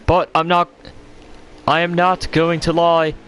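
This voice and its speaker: A man's voice: on the high side, completely flat delivery, takes it slowly, fairly bright tone, slight background noise. Playful man doing mock race commentary. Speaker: sim racing commentator.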